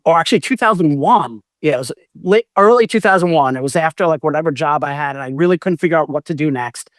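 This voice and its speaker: A man's voice: on the high side, dry recording, studio quality. A man in his forties, a music manager, telling long self-correcting stories in a casual interview. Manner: rambling, self-correcting anecdotes. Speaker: music manager, podcast guest.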